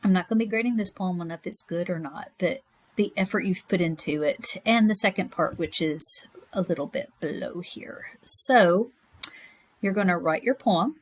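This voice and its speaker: A woman's voice: on the low side, moderate pace. A woman teacher in her thirties or forties, giving a recorded class lecture in a chatty, rambling way with frequent asides.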